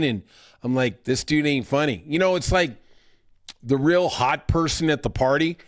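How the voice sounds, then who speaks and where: A man hosting a podcast, delivering a sarcastic, ranting monologue with mocking impressions. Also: mid-range voice. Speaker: podcast host. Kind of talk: casual opinion monologue.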